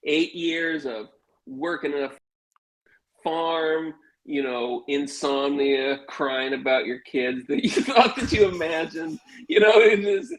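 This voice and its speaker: A middle-aged man telling a wild personal story in casual conversation, animated and acting out the voices of the people in it. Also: on the high side, slow, gravelly, poor audio. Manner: animated, swearing, acts out quoted voices. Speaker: guest telling a life story.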